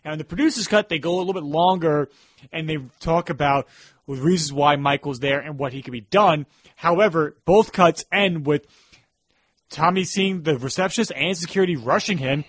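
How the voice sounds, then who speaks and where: High-voiced man recapping a film, dry room. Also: moderate pace, no room sound. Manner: recaps the plot, dry asides. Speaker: podcast co-host. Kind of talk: casual film review chat.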